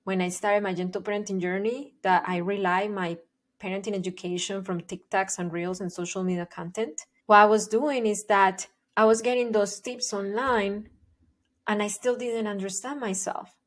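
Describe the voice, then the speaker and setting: A woman's voice: mid-range voice, steady tone, moderate pace. A woman working as a parenting educator, explaining her ideas to the camera in an earnest, emphatic way and repeating her key points. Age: adult, parent of young children.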